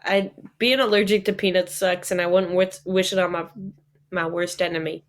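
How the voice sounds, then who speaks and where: A woman's voice: fairly low pitch, steady tone, normal speed. A young woman co-hosting a casual podcast chat, talking loosely, laughing often and acting out the people she quotes. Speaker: podcast co-host.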